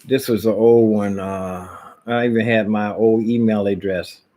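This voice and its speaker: Man, low voice, rambling home vlog, restarts sentences, drifts off topic. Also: fairly even intonation, measured pace, mellow. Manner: rambling, jumps between topics, many restarts. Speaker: vlogger.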